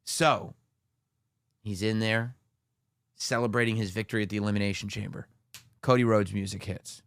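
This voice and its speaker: Man, low register, podcast co-host; animated retelling, dry close-mic sound. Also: clean tone, no room sound. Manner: animated storyteller, acts out quotes with dramatic pauses. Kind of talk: casual podcast chat, excitedly retelling a wrestling show.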